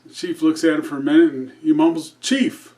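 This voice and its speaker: A man's voice: a little high, flat delivery, fast talker, warm tone. A man telling a joke in a casual, rambling way, full of fillers and restarts. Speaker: comedy channel host.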